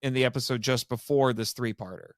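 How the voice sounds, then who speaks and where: A man's voice: medium pitch, brisk, no echo, studio quality. A man hosting a podcast in casual chat, rambling and correcting himself as he goes, laughing often. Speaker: podcast host.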